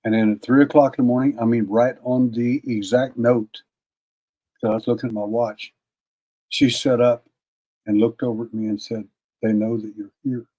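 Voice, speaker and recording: Husky older man telling a story. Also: mid-range voice, little pitch movement, moderate pace, dark tone, muffled recording. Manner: folksy, repeats words, clears throat between bits. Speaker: interview guest, paranormal investigator. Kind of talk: casual anecdotal storytelling.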